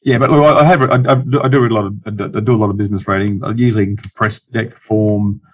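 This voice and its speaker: A man's voice: on the low side, steady tone, rapid-fire. A middle-aged Australian man, an investor guest in a casual interview, talking bluntly with many restarts and dry jokes.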